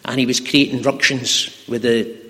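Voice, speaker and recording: A man preaching a sermon in a church, telling stories earnestly and slowing down to stress key words. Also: mid-range voice, little pitch movement, fairly bright tone. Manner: earnest, slows for emphasis. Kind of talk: sermon with storytelling. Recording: long hall reverb.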